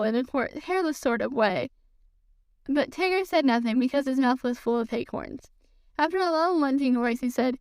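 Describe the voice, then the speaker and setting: A woman reading a children's book aloud for a podcast in a gentle storytelling manner. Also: sits high, brisk, clear, resonant tone, no echo. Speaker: podcast reader.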